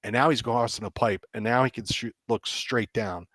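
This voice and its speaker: Excitable man telling a story over a call. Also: medium pitch, normal speed, no echo. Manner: excitable, acts out quoted dialogue, many restarts. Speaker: game developer guest. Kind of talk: animated storytelling in a podcast chat.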